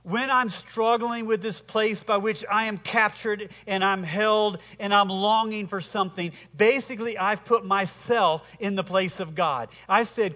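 A male pastor with a high, bright voice preaching a sermon in a church sanctuary. He speaks slowly and emphatically and has the congregation repeat lines after him. The sound carries the long reverb of a large hall. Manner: slow, emphatic preaching with congregation call-and-response.

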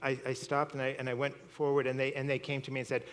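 A man's voice: medium pitch, completely flat delivery, fast, a little hiss or hum. Chuckling man preaching in a reverberant hall. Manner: storytelling, chuckling often, repeating words. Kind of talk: sermon.

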